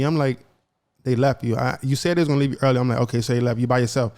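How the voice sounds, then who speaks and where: Fast-talking young man telling a story. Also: mid-range voice, steady tone, darkish tone. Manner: retells events by acting out both sides of conversations; repeats and restarts phrases as he goes. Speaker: podcast co-host. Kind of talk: casual personal storytelling.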